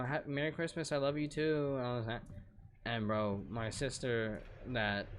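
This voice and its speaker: A man's voice: medium pitch, a little hiss or hum. Young man rambling on a game stream. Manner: rambling, venting, profane. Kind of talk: casual live-stream chat. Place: home, at night.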